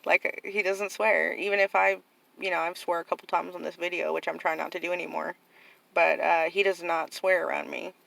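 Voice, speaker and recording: Gravelly middle-aged woman rambling to camera. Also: lowish voice, steady tone, a little fast, fairly bright tone, dry recording, poor audio. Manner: rambling, full of "like" and "you know", heartfelt. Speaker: vlogger. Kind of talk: casual monologue to camera.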